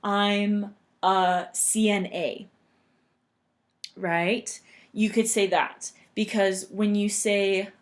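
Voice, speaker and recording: Slow, patient woman teaching English. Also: medium pitch. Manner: patient, repeats example sentences slowly and deliberately. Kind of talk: explaining grammar to learners.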